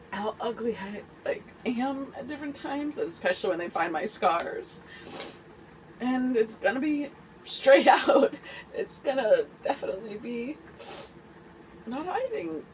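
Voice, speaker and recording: A woman in her forties hosting a candid personal vlog, talking earnestly and haltingly with many fillers and restarts. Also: fairly high pitch, lively intonation, a little hiss or hum, low-quality recording. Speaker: host.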